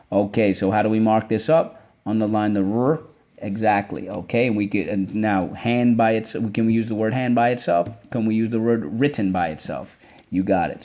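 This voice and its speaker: A man with a lowish voice, heard through dull audio, teaches children a spelling lesson. He drills words slowly, syllable by syllable, coaxing the class along.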